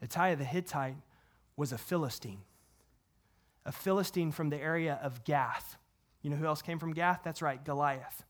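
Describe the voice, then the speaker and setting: A man who is a pastor, preaching a sermon in an earnest way and talking straight to his congregation, swinging from hushed to loud and fervent. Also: on the high side, normal speed. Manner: talks to the congregation directly, asks questions.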